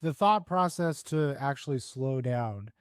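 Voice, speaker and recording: A man hosting a casual chat, asking slow, probing questions. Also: medium pitch, lively intonation, clear, resonant tone, dry recording, clean studio sound.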